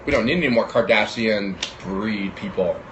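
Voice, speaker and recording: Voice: mid-range voice, normal speed, dull audio, noisy background. A co-host reading cards with a sarcastic, joking, dramatic manner in casual gossip.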